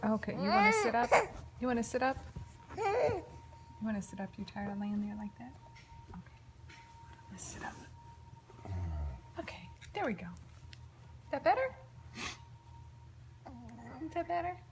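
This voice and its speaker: A young mother coaxing her baby in gentle baby talk, often dropping to a half-whisper. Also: a little high, sing-song, normal speed, long pauses, heavy background noise.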